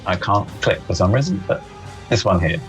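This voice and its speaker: A man with a low voice casually explains his spell and targets as a tabletop player. Faint game music hums behind him. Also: animated, normal speed, poor audio.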